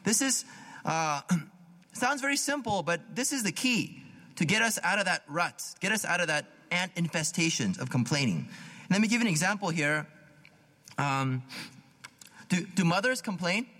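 A man's voice: sits high, expressive, moderate pace, bright, forceful tone. A man preaching a sermon in a casual, conversational way, often repeating words and asking "right?". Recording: long hall reverb.

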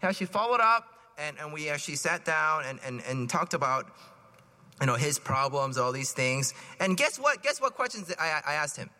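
A man's voice: a little high, very animated, normal speed, pushed and bright. A man, a priest, giving a conversational sermon full of anecdotes and acted-out quotes. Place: church. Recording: long reverb of a church.

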